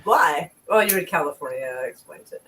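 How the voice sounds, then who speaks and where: A woman's voice: on the low side, lively intonation, fairly quick, fairly bright tone, slight background noise. Older woman, Southern accent, blunt and teasing, firm when she pushes back, casual chat. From New Orleans and Oklahoma.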